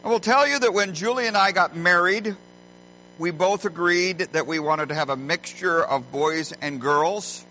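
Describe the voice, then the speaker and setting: Middle-aged man, pastor, sermon, folksy earnest storytelling, forceful voice, muffled lo-fi recording, faint hum. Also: sits high, normal speed. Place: church sanctuary.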